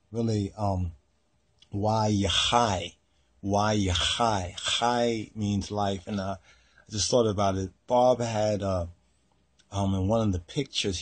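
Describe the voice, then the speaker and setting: A man with a husky, somewhat low voice teaches scripture at an unhurried pace. He repeats key words and keeps asking "right?" as he works through his points. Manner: slow, searching, frequent "right?" and fillers. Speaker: Rastafari Torah teacher. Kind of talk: religious teaching talk.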